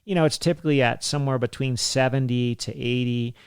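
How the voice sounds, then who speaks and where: A man's voice: medium pitch, fairly even intonation, a little fast, smooth, no room sound, clean studio sound. A man in his forties hosting a health podcast, talking casually with lots of fillers and laughs. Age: 40s. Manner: chatty, laughs often, many fillers. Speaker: physician podcast host.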